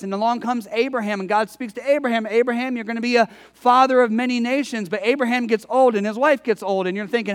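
A man's voice: very high-pitched, steady tone, quick pace, hardly any pauses, smooth, in a large hall. A male pastor preaching a conversational sermon, telling stories with emphatic delivery.

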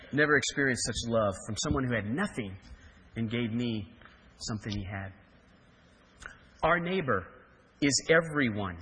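A man's voice: medium pitch, husky. A man in his forties from Kansas, a pastor telling a story in a sermon with joking asides. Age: 40s. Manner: animated storytelling, jokey asides. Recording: reverberant hall.

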